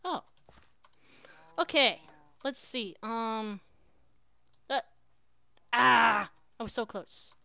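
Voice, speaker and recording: A woman with a crisp, bright voice, set a bit high, gives casual commentary while she plays a game. She chats to herself with sudden exclamations. The sound is dry and close. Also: expressive, takes it slowly, pauses often, no echo. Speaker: let's player.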